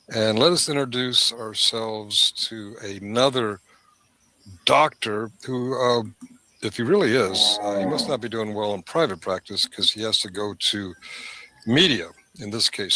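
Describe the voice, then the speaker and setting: A man's voice: fairly low pitch, bright, forceful tone. A man hosting a live stream, with rambling, sarcastic commentary into a desk microphone. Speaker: stream host.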